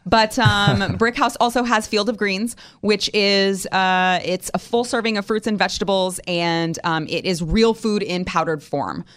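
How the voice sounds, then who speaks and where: A woman's voice: medium pitch, a little slow, hardly any pauses. A woman co-hosting a talk radio show, chatting casually and teasing her co-host. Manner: lively, laughing, teasing.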